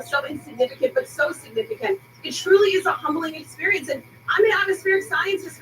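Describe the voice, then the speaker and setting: Female meteorologist, live report, overwhelmed, high-pitched, noisy off-TV capture. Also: fairly bright tone, distant mic. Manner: awestruck, emotional, halting. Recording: TV audio taped from across a room, noisy.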